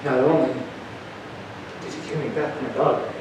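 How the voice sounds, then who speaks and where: A man's voice: medium pitch, steady tone, moderate pace. A middle-aged man preaches in a loose, folksy way and keeps checking in with the people listening. His voice rings through a very echoey hall, picked up from well back from the mic, with a faint hiss underneath. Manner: folksy, conversational, asks the crowd questions. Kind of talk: sermon with personal stories. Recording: echoey hall, taken from far off.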